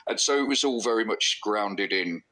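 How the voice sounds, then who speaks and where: Male author guest, low and bright-toned, chatty podcast talker who restarts his sentences. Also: normal speed, low-quality recording. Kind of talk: casual podcast interview.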